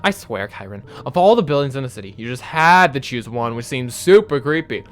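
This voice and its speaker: Young male gamer, casual let's-play chatter, lively swinging pitch, cursing freely. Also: fairly quick, slight background noise. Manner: animated, rambling, swears a lot. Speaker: gaming video creator.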